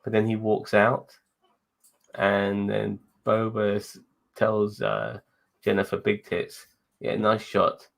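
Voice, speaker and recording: Casual co-host, low gravelly male voice, profane and rambling. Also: slow. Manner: profane, rambling, laughs while talking. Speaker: podcast co-host. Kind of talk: casual chat.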